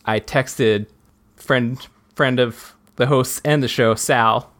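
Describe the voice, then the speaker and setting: A man co-hosts a laid-back podcast. He teases his partner dryly and thinks out loud at an easy, conversational pace. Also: medium pitch, fairly even intonation, slow pace. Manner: dry, teasing, musing. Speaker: podcast co-host. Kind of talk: casual chat.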